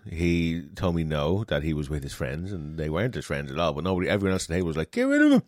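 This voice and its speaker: A man's voice: very deep voice, fast, dry recording, clean studio sound. A man in casual chat, telling a story and acting out the other people's lines. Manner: animated storytelling, acts out customers' lines. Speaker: restaurant manager telling stories.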